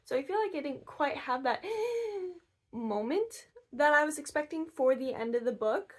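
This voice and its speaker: A young woman from Michigan chatting casually in a reading vlog, gushing and excitable. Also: high-pitched, moderate pace. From Michigan, USA. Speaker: book vlogger. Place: camper.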